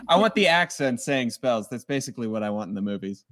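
A man's voice: medium pitch, big pitch swings, normal speed, a bit bright. A man in casual book club chat, joking wryly and swearing casually. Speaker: book club podcast member.

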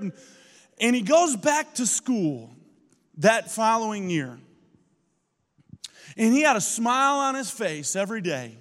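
A man preaching a sermon as pastor, telling stories with animated energy that builds to shouting. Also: high-pitched, a little slow, pauses often, big-room sound. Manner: animated storytelling, rising to shouts.

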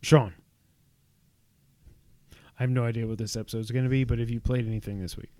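Male co-host, casual gaming chat, jokey and quick, dry close sound. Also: medium pitch, fairly even intonation, mellow, dry recording. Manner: joking, laughs often, talks in quick bursts. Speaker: podcast co-host.

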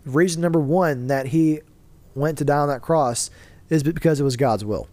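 A man's voice: fairly high pitch, moderate pace, dark tone, no room sound. A man hosting a casual faith discussion, explaining his view earnestly and answering his own rhetorical questions. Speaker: podcast host.

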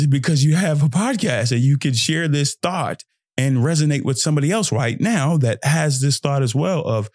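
Slangy young man with a gravelly voice. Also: no echo, studio quality. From Fort Worth, Texas. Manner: loose, slangy and animated, jumps into high mocking voices for quoted thoughts. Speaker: podcast host. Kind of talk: solo motivational podcast monologue.

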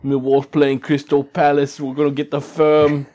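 A man's voice: fairly high pitch, monotone, normal speed, warm tone, lo-fi sound, close to an everyday voice. Man putting on a rowdy British footy lad. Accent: British, mock. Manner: boisterous, swearing, exaggerated. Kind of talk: comic impression in casual chat.

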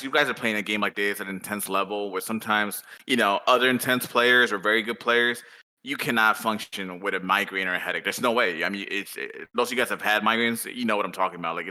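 A man talking as a podcast guest in a rambling, animated way with lots of fillers. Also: on the low side. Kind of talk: casual podcast chat.

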